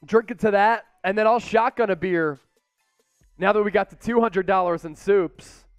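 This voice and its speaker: Excitable male watch-party host with a high, smooth voice. Dry studio sound with faint music behind. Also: normal speed, no room sound, muffled recording. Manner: excitable, shouts chants and play-by-play calls. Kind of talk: live sports watch-party commentary.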